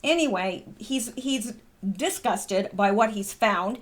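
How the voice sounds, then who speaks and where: A woman's voice: medium pitch, lively intonation, slow pace. A middle-aged woman from the United States hosting her own channel, reading posts aloud and chatting in a rambling way with lots of ums. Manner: chatty, rambling, wanders off topic with filler ums. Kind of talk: casual commentary vlog.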